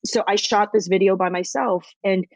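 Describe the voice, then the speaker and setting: A woman's voice: medium pitch, steady tone, normal speed, creaky, darkish tone, dry recording, low-quality recording. A woman guest telling a story in a casual interview, acting out quotes and swearing casually. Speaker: guest, comedian and activist.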